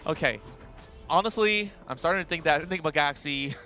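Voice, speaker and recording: Bright-voiced male esports caster. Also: a little high, brisk, faint music behind. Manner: animated, chatty play-by-play with frequent fillers. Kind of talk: live esports commentary.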